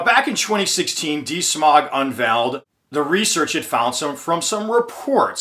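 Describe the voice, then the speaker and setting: A man's voice: fairly high pitch, pushed and bright. A man hosting an explainer commentary, earnest and emphatic, stretching out key phrases. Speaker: channel host.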